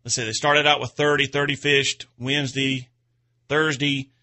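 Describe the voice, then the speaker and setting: A man's voice: medium pitch, little pitch movement, normal speed, sharp tone. A man hosting an outdoors radio show, chatting in a rambling, folksy way and chuckling at his own stories. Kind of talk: casual radio chat.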